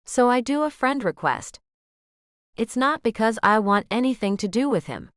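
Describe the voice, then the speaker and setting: A woman narrating a first-person romance audiobook in a musing, expressive way, close to the mic. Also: on the high side, normal speed, dry recording.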